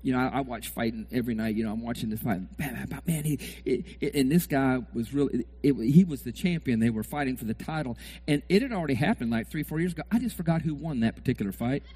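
A middle-aged man preaching a sermon, acting out sports fans yelling at the TV. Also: mid-range voice, quick pace, hardly any pauses, slightly rough. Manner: animated, acts out fans shouting at the TV.

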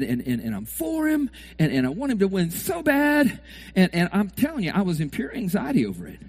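A middle-aged man preaching a sermon, acting out sports fans yelling at the TV. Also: sits high. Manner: animated, acts out fans shouting at the TV.

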